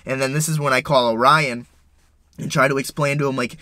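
A young man vlogging, retelling a story in an excitable, profane way with lots of stumbles and restarts. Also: mid-range voice, fairly quick, no room sound. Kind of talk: casual storytelling.

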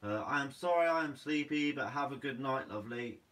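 A young man with a Guernsey accent hosts a fishing channel's live Q&A, reading comments in a laid-back, slightly sleepy manner and calling everyone "mate." His mid-range voice is expressive, brisk and a bit bright, picked up by a distant mic in a rough recording.

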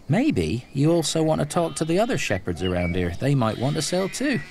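An actor playing a shrewd but friendly shepherd who talks in a plain, easygoing way in a video game. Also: male voice, fairly high pitch, sing-song, brisk, creaky, darkish tone, slight background noise. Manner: plain-spoken, easygoing haggler.

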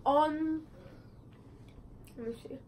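A woman's voice: sits high, extremely slow, darkish tone, slight background noise, low-quality recording. A woman chatting casually in a movie review vlog, rambling with many fillers and restarts, filming at a friend's house. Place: a friend's house, not her usual filming spot.

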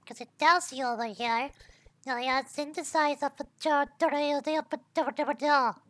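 A woman's voice: high voice, measured pace, fairly bright tone, dry recording. A woman streamer giving casual game commentary, thinking aloud as she tries things, swearing freely and tacking "yo" onto her lines.

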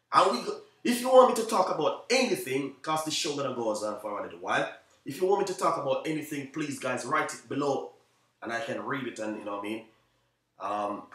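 Jamaican male chef hosting a live stream, quick and repetitive, heard from a distance in a roomy space. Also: mid-range voice, fairly bright tone. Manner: repetitive, keeps saying "you know what I mean"; talks fast, by his own account. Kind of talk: live stream chat to viewers.

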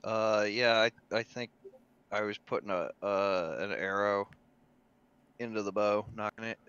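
Bright, crisp male player, lo-fi mic. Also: fairly low pitch, fairly even intonation, measured pace, dry recording. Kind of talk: casual tabletop chat.

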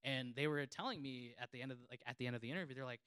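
Earnest rambling man, smooth voice. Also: mid-range voice, rapid-fire, a bit bright, no echo. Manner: rambling, heavy use of "like" fillers, earnest. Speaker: reporter. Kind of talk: panel discussion.

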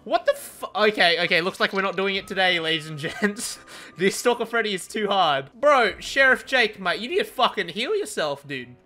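Young male streamer, rowdy gameplay commentary, animated pitch, bright tone. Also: moderate pace, soft background music. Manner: excitable, swearing, laughing often. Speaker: gaming streamer.

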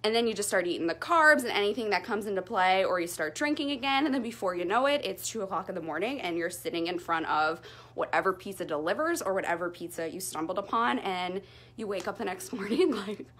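A woman's voice: medium pitch, fast talker. Chatty young woman, breathless after a workout. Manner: chatty, candid, lively storytelling. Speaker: fitness vlogger. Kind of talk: casual talk to camera.

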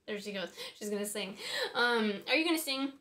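Over a noisy background, a woman with an animated mid-range voice talks a little fast. As a voice and harp teacher, she explains singing casually and chattily, thinking aloud and adding small asides.

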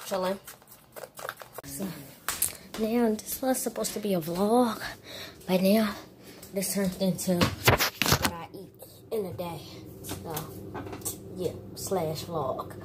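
Woman vlogger, unhurried easygoing delivery, casual chat to phone, heavy background noise. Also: fairly low pitch. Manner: chatty, addresses viewers as y'all.

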